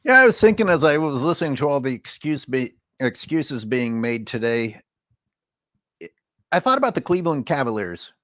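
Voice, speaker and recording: A man's voice: mid-range voice, big pitch swings, normal speed, fairly bright tone, dry recording. A man co-hosting a sports rant livestream, talking in a sarcastic, stammering ranting manner. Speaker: co-host.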